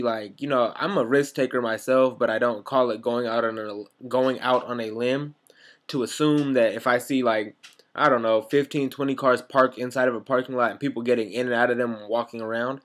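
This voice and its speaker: A young man telling rambling, sarcastic stories straight to camera, swearing freely as he goes. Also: medium pitch. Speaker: vlogger. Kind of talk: casual storytelling monologue.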